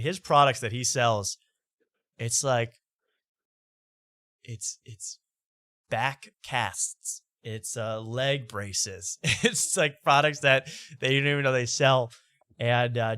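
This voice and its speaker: A man's voice: mid-range voice, fairly bright tone, no echo, clean studio sound. A male talk show host bantering casually, joking and laughing often.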